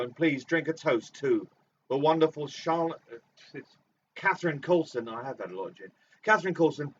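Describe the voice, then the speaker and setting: A man's voice: fairly high pitch, a bit bright. A man hosting a comic bingo game, drawing out names theatrically and swearing in asides. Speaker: bingo host. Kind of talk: comic live-stream bingo calling. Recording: dull distant mic with faint noise.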